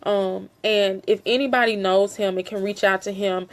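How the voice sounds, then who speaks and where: A middle-aged woman speaks directly to her audience in an urgent, heartfelt appeal. Her voice sits at an ordinary medium pitch. She presses her points through repetition and scattered fillers, earnest and emphatic throughout. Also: steady tone, moderate pace. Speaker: family member speaking out on a land dispute. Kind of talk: impassioned direct-to-camera appeal.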